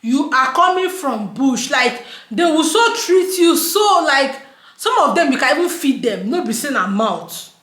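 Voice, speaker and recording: A woman's voice: high voice, big pitch swings, a little slow, a bit bright, roomy sound. A woman with a Nigerian accent from Nigeria, talking casually to camera as a vlogger, chatty and slipping into pidgin, laughing as she rants. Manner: chatty, mixes in pidgin, laughs while ranting. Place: indoors at home, daylight.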